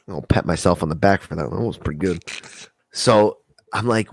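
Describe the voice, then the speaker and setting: Guest storyteller: man, low voice, dry close sound, profane, acts out every quote. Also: normal speed, creaky, dry recording. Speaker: podcast guest. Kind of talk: casual storytelling.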